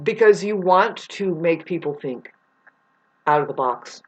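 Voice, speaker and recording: A woman's voice: lowish voice, expressive, unhurried, husky. Female vlogger, loose rambling delivery, casual swearing, pet name for viewers, muffled lo-fi recording. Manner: rambling, swears, calls listeners "babes". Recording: dull lo-fi recording.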